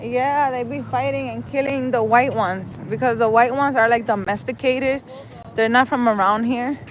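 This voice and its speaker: A tired woman hosting a relaxed livestream, chatting with viewers and answering their comments while walking through a park. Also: a little high, moderate pace, poor audio. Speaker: livestream host. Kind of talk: casual chat with viewers. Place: outdoors in a park. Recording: loud wind noise outdoors on a phone. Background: loud wind noise.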